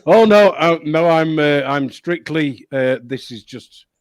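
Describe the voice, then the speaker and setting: A man's voice: fairly high pitch, a little slow, no echo. A tired man co-hosting a casual live stream, laid-back and dry. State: tired, yawning. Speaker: co-host.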